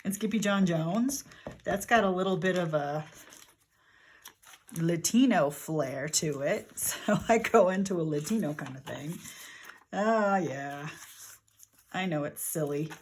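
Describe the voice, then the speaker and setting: A woman's voice: fairly low pitch, lively intonation, a little slow, slight background noise. An older woman talking casually as she works on a journal, rambling and thinking aloud about her materials. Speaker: journaling vlogger. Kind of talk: casual crafting narration. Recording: paper crinkling heard in background.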